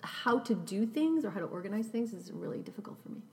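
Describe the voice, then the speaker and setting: A woman guest in a casual podcast chat, animated, scattered and self-deprecating. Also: mid-range voice, quick pace, vocal fry, big-room sound. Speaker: guest actress.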